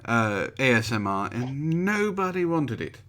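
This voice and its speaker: A man's voice: mid-range voice, sing-song, unhurried, pushed and bright. A man co-hosting a casual comedy news show, teasing his co-hosts and laughing often. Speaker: podcast co-host. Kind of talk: casual banter.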